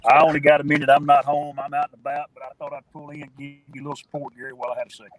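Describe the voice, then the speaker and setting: A man's voice: a little high, little pitch movement, racing. A man with a Texas accent chatting casually and folksily on a phone call. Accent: Texan. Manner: folksy Southern talk, drawling phrases. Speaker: guest viewer. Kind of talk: casual chat. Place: in a vehicle, pulled over.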